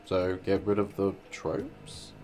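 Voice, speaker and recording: A man's voice: low-pitched, expressive, takes it slowly, a little mellow, faint music behind. A man hosting a stream, chatting casually and telling anecdotes in a wry way. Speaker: streamer host. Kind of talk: casual chat.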